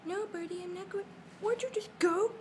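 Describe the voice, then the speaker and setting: A woman's voice: extremely high pitch, moderate pace, slight background noise. A young woman filming inside her house, jittery and often whispering as she coaxes a bird to leave. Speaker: vlogger. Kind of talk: handheld home video narration. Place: inside a house, attic and rooms.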